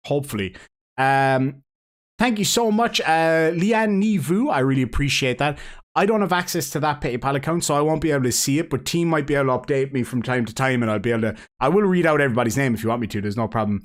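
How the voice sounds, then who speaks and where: A man from Ireland with a Cork accent, hosting a live stream, reading donation messages in a rambling, jokey, excitable way. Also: medium pitch, a little fast. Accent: Cork Irish.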